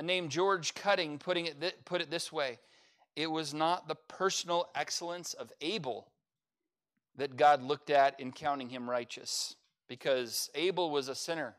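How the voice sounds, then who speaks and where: Middle-aged pastor guy preaching, folksy and joking, kinda high voice. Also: a bit bright. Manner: folksy, humorous asides with playful mock voices. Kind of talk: sermon.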